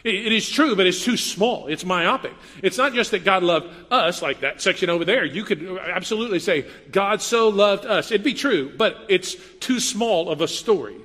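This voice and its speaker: A man preaches in an easy, conversational way, slipping into playful asides and quoted voices. His voice sits high and bright, and it carries the long reverb of a large hall. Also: animated, moderate pace, hardly any pauses. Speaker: pastor. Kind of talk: sermon.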